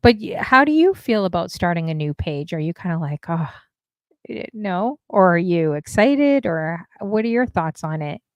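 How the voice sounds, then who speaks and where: A woman's voice: on the low side, sing-song, normal speed, hardly any pauses, dry recording. A woman hosting a casual interview, talking in a chatty, rambling way with lots of fillers and some exasperation. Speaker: interview host and DJ streamer.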